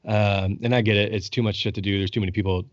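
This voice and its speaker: A young man hosting a podcast, telling a long story in an excited, casual way and swearing freely. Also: on the low side, fast, no room sound, dull audio. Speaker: podcast host. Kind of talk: casual chat.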